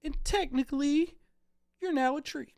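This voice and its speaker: A woman with a high-pitched voice hosts a relaxed comedy chat. She rambles through her stories and laughs along with her guests. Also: normal speed, creaky. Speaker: show host.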